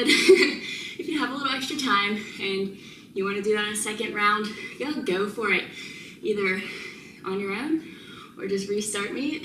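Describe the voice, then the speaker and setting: A woman's voice: mid-range voice, recorded from a distance. A woman instructor leading a home workout, slightly out of breath, upbeat and laughing as she counts down reps. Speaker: fitness instructor. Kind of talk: workout tutorial cueing. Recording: roomy, noisy, mic set away.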